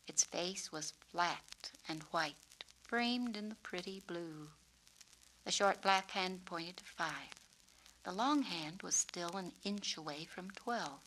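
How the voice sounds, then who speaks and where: A woman, the author, reading her own storybook in a clear, measured, descriptive way. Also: lowish voice, fairly bright tone, slight background noise, low-quality recording. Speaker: author and narrator. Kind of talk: storybook narration.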